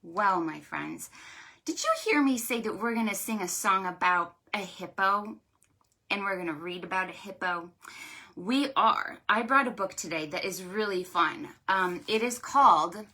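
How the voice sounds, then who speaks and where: A woman leading a preschool storytime as a children's librarian, in an animated sing-song way with gasps and whispers. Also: medium pitch, measured pace.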